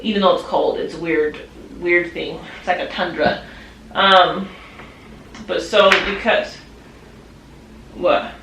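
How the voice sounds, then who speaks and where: A woman's voice: lowish voice, steady tone, takes it slowly, long pauses, a bit bright, a little hiss or hum. A young woman, a mother co-hosting a family vlog, chatting and telling stories with frequent laughter and teasing. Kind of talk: casual family vlog chat. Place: home nursery room, indoors. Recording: roomy, distant home video.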